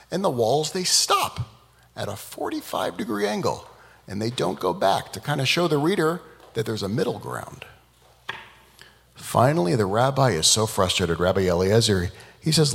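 Animated man speaking in a reverberant hall. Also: mid-range voice, fairly quick. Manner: animated, dramatic storyteller. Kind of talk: public talk with storytelling.

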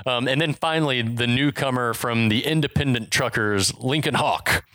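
A man's voice: mid-range voice, normal speed, sharp tone, no room sound. Dry-voiced casual podcast man. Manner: laid-back, profane, recaps with wry asides. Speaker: podcast co-host. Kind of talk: casual movie recap chat.

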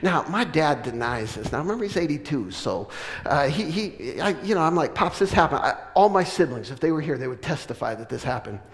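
A middle-aged man preaching a sermon, telling a funny family story with laughs, then building to loud, emphatic preaching. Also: fairly high pitch, brisk. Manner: animated, joking, with laughs and sudden loud preaching. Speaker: pastor. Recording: long reverb of a large hall.

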